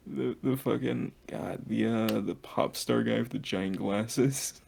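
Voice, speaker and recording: A man's voice: medium pitch, gravelly, slightly rough. A man in casual chat with a co-host, telling stories and swearing freely.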